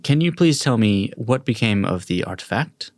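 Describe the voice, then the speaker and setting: A man's voice: fairly low pitch, lively intonation, moderate pace, darkish tone, no echo, clean studio sound. A man voicing a regal male king who is tired of his court, speaking formally. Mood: stern.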